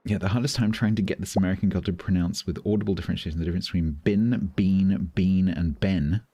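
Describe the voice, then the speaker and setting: A man's voice: low voice, steady tone, fast talker, mellow, breathy edge, dry recording. A middle-aged British man with a British English accent chatting casually on a live stream, amused and talkative, thanking viewers between stories. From Britain.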